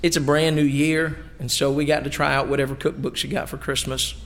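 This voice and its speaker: Middle-aged man as pastor, fairly high gravelly voice, folksy emphatic sermon delivery. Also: level tone, brisk, a bit bright, long reverb tail. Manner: folksy, emphatic preaching with homey asides. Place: church sanctuary.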